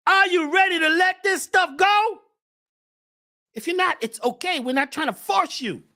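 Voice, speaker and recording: A man hosting a spiritual talk show, preaching with fire, shouting at times and then dropping to a hush. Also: very high voice, normal speed. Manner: preachy, swings from shouting to hushed. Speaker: host.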